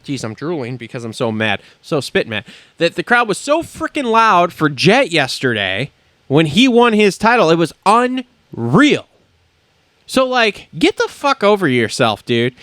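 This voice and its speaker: A man's voice: high-pitched, a bit bright, no echo. A man hosting a podcast from a studio, ranting in a blunt, profane and indignant way. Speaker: podcast host. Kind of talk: heated podcast rant.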